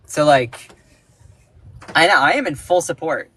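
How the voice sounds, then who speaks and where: A man giving casual, indignant political commentary on a livestream, emphatic, with sudden jumps in pitch. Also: lively intonation, a little slow, long pauses, fairly bright tone. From United States.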